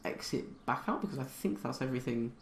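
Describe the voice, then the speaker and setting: A man's voice: mid-range voice, expressive, a little fast, roomy sound, slight background noise. A young man playing a space game, thinking aloud with many fillers and reading the tutorial text aloud. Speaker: gamer.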